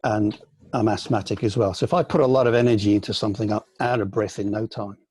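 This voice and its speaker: An older man from the UK, a senior aikido teacher, reminiscing in a relaxed online question-and-answer session, with many ums and restarts. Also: fairly low pitch, fast talker, slightly rough, no echo. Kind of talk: casual online Q&A. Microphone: video call.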